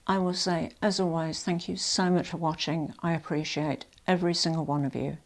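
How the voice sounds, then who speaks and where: A woman's voice: low-pitched, steady tone, moderate pace, hardly any pauses. An older retired woman chatting casually to camera as a fashion vlogger, rambling and correcting herself as she goes. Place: at home.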